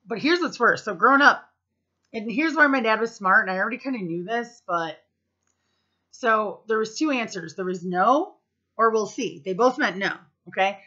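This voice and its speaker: Vlogger, woman, 30s, from the US; bright, punchy voice, casual and profane, slightly muffled audio. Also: mid-range voice, animated, normal speed. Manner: chatty, profane, full of fillers. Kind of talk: casual storytelling to camera.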